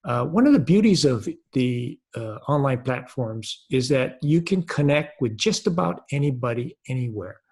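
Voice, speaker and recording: A man giving an earnest, explanatory webinar talk over a video call, pausing often to find his words. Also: mid-range voice, lively intonation, creaky, a little mellow, husky. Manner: earnest and unhurried, with frequent hesitations. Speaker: webinar presenter.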